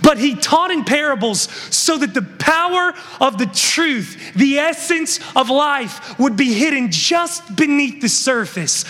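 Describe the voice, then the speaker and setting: A man with a very high voice preaches a sermon, reading scripture and pressing his points with emphatic, building intensity that climbs into shouts. His voice rings out with a long reverb in a large church hall. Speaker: pastor.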